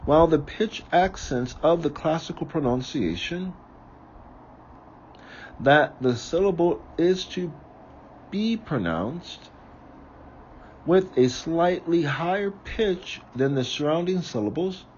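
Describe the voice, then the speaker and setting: A man reading aloud from a book, slowly and carefully, sometimes correcting himself. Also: a little high, animated, darkish tone, highs cut off, slight background noise. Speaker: reader of a book on ritual.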